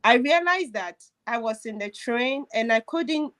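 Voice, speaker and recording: A woman's voice: on the high side, lively intonation, unhurried, fairly bright tone. A woman telling a personal story in casual chat, emotional and laughing as she goes, with many restarts. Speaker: host.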